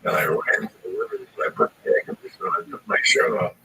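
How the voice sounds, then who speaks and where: A male stand-up comedian races through a rambling, profane story, his very high voice swooping wildly in pitch and showing vocal fry. Faint background noise accompanies the distant-mic recording.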